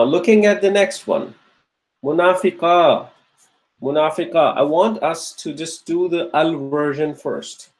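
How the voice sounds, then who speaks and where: A man's voice: a little high, a little mellow, rough recording. A man teaching an online Arabic grammar lesson, patiently repeating each answer, checking in with students and praising their replies.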